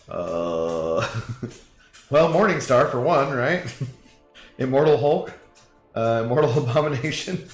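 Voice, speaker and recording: A man with a Southern US accent, casually chatting with his stream viewers in a rambling way and laughing often. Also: mid-range voice. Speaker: game streamer. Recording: roomy room echo, faint music. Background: faint background music.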